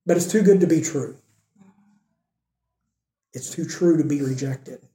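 A man preaching a sermon, asking rhetorical questions and moving between emphatic lines and hushed ones. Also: fairly high pitch. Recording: echoey room.

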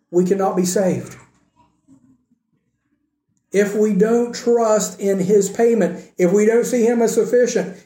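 A man preaching a sermon, asking rhetorical questions and moving between emphatic lines and hushed ones. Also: sits high. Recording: echoey room.

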